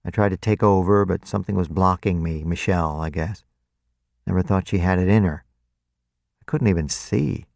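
A man's voice: low-pitched, moderate pace, vocal fry, darkish tone, no room sound, clean studio sound. A man voicing a blunt, foul-mouthed woman with a lazy drawl. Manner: drawling, swearing.

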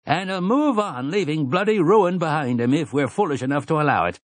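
A man voicing a hostile townsman who roars at the crowd in rough country dialect. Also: fairly high pitch, expressive, fairly quick, dry recording, pitched above the performer's own voice, lightly acted. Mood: roaring. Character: loud, hostile townsman, roaring.

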